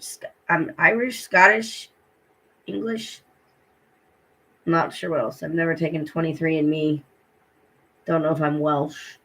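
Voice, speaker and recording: A woman's voice: low-pitched, pushed and bright, breathy edge, low-quality recording. A middle-aged woman vlogger telling a personal story in a rambling, indignant way, with many ums and restarts.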